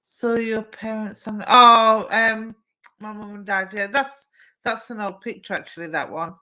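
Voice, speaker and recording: Bright-voiced woman chatting on a live stream. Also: mid-range voice, steady tone, measured pace, poor audio. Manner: chatty, warm replies to viewer comments with frequent fillers. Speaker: psychic medium and live stream co-host. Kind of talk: casual live stream chat and readings.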